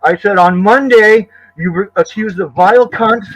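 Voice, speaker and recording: High, taunting man trading insults. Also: normal speed, fairly bright tone, slight background noise, low-quality recording. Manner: taunting, mocking, swears a lot. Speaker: stream caller. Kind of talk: heated live-stream voice chat.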